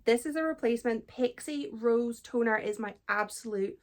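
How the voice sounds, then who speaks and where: A young Scottish woman chatting casually in a book vlog, self-deprecating and quick to laugh. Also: on the high side. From Scotland. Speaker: book vlogger.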